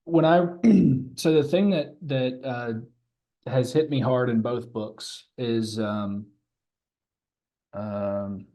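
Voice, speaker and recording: Slow, halting young male interviewer. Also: medium pitch, dark tone. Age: young adult. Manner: halting, repeats words while forming questions. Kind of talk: interview questions.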